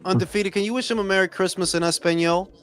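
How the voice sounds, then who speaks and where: A man's voice: high voice, steady tone, fast, clean tone, faint music behind. A man hosting a live boxing talk stream, teasing his panel with profane banter. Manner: profane, teasing, loud laughs. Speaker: podcast host. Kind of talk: rowdy casual stream banter.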